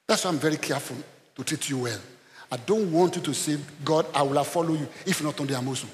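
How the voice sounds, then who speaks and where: A male pastor delivers a lively sermon in a slightly high voice. He swings from quiet asides into shouts, repeats phrases and calls out to the congregation. A long hall reverb trails each line. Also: quick pace. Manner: animated preaching, bursts into shouts, repeats himself; addresses the congregation with call-and-response.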